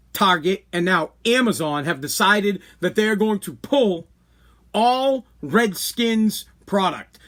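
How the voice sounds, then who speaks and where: A man's voice: high voice, fairly bright tone. A man hosting a podcast, ranting bluntly and heatedly with profanity and lots of repetition. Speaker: podcast host. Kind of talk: opinion rant.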